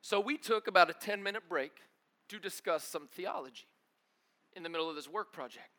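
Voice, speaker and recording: Bright, high-voiced animated preacher man. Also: brisk. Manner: animated, acts out dialogue, laughs often. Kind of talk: storytelling sermon.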